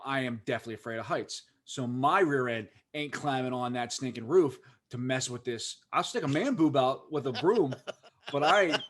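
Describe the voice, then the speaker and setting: Pittsburgh man, podcast co-host, animated rambling storyteller, middle-pitched voice. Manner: rambling, animated, lots of "like" fillers. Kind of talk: casual storytelling chat.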